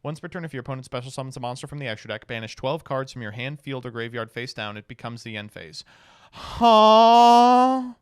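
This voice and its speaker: Smooth-voiced man, wry streamer. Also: mid-range voice, a bit bright, no echo, studio quality. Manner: wry, sighing, reads rules quickly then reacts. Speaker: streamer reviewing card game cards. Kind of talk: casual stream commentary, reading card text aloud.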